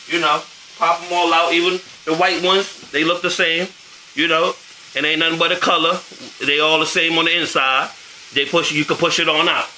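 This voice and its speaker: A man's voice: a little high, pushed and bright, roomy sound, slight background noise, poor audio. A man hosting a casual cooking show, chatting in slang while he cooks and often asking if you know what he's saying. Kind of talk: casual cooking demo chat. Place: home kitchen with food frying.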